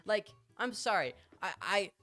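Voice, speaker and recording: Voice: medium pitch, sing-song, a little slow, sharp tone, soft background music. A streamer telling a story in casual chat on a live stream, chatty and swearing freely.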